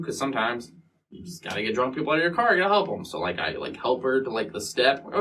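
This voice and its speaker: A man's voice: lowish voice, sing-song, fairly quick, a bit bright. A man casually telling a long story as an interview guest, swearing often and acting out what people said. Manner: profane, rambling, acts out quotes. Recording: distant mic with faint room noise.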